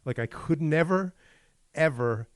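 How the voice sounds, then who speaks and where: A man co-hosting a podcast, telling animated stories and laughing his way through them. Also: a little high, unhurried, no echo, studio quality. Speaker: podcast co-host. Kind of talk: casual podcast chat.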